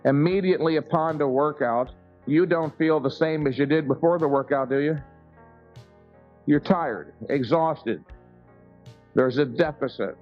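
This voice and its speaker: A man's voice: on the high side, measured pace, pauses often. A man giving a live seminar lecture to an audience, emphatic and full of rhetorical questions, recorded on a lo-fi tape of a seminar room. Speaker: seminar speaker. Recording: dull lo-fi 1990s seminar tape with faint music.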